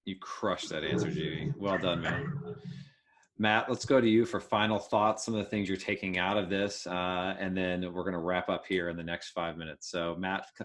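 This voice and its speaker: Man, host, moderating webinar, upbeat and encouraging, very low voice. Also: fairly bright tone. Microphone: video call.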